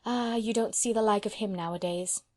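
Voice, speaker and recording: A woman's voice: medium pitch, darkish tone, close to an everyday voice. Woman reading as a solemn elderly lady. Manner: solemn and slow.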